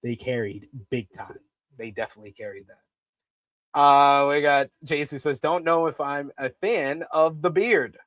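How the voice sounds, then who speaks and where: A man hosting a live-stream wrestling review, reading viewer comments and ranting loudly at times. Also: a little high, measured pace, no echo. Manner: animated, swears when ranting.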